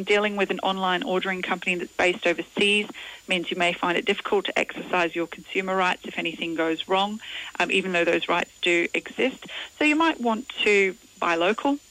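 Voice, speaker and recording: A woman giving practical consumer advice in a radio interview, brisk and matter-of-fact. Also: medium pitch, sharp tone, rough recording.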